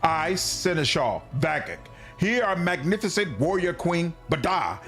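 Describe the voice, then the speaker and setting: A man's voice: a little high, unhurried, soft background music, exaggerated voice. A man doing a fawning little mite courtier. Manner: flowery, flattering broken speech.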